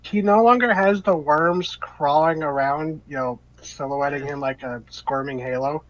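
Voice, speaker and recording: A man narrating a tabletop game as game master, describing the scene in a relaxed way with many fillers. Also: fairly high pitch, measured pace. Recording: dull lo-fi audio.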